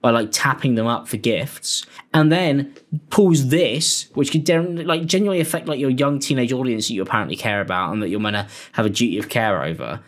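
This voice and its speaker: A man's voice: mid-range voice, fairly quick. A young British man giving blunt, sweary, exasperated commentary as the host. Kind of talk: angry commentary.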